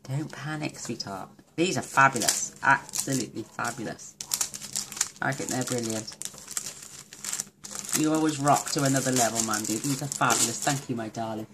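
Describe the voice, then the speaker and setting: A woman hosting a crafting video, opening cards in a casual chat and gushing over them with warm affection. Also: a bass voice, moderate pace, noisy background.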